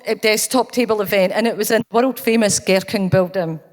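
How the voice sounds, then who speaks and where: A Scottish woman speaking at a conference, telling a personal anecdote with earnest, anecdotal warmth. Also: mid-range voice, steady tone, a little fast. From Scotland. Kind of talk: storytelling keynote talk. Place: conference hall. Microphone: handheld or stage mic, cutting out. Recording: long hall reverb.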